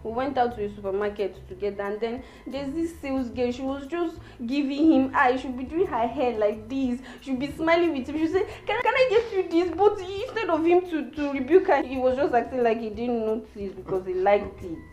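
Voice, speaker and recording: Sulky young Nigerian woman venting about her man, fairly high but warm voice, soft music played by an actress. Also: brisk, few pauses, lightly acted. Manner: sulky, complaining then pleading.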